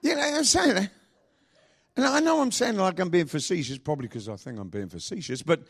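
A man pastor preaching a sermon, asking the congregation repeated questions and speaking with lively emphasis. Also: high voice, fairly quick, husky.

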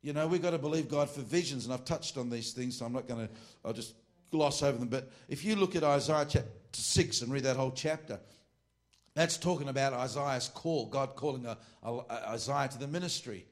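A middle-aged man with an Australian accent, teaching a class in a loose, informal sermon. He drifts into joking asides and restarts his sentences, and his pitch sits at an ordinary middle level for a man. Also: brisk. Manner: rambling and joking, with frequent asides and self-corrections. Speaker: preacher teaching a ministry class.

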